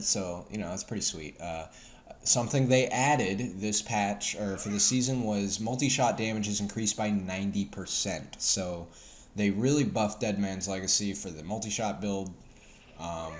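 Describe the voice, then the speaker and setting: A man's voice: fairly low pitch, a little hiss or hum. A man casually commenting over his gameplay, loose and profane, with lots of ums and a Southern US accent. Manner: loose, profane, filler-heavy. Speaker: gameplay video host.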